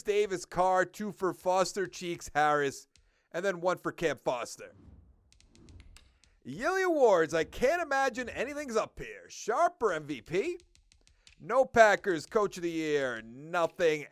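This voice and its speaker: High, lively man with a Boston accent. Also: dry recording, clean studio sound. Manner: thinking aloud while ticking through stats and numbers. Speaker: gaming video creator. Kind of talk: casual gameplay commentary.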